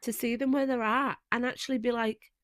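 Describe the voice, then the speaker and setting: A woman co-hosting a podcast, husky and croaky from a cold, telling a reflective story in a casual chat. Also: a little high, fairly even intonation, a little fast, a bit bright, no echo. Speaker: podcast co-host.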